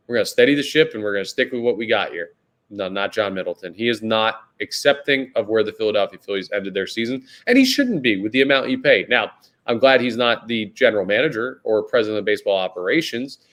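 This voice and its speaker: A man's voice: lowish voice, fairly bright tone. A man hosting a solo sports podcast, talking casually and rambling, often saying "guys" and "like". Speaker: podcast host.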